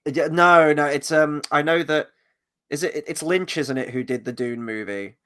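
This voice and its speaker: Male host for a film review podcast, slightly high voice, chatty and animated, talks loosely and conversationally. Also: normal speed. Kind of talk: casual film discussion.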